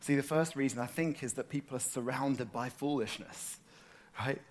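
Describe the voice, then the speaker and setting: A man giving a sermon to a gathered audience in an easy, chatty way, often turning questions to the listeners. His voice sits at an ordinary middle pitch for a man, and he talks with eager, animated energy. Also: moderate pace, slight background noise. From north London, England. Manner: conversational, animated, asks the room questions. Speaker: preacher.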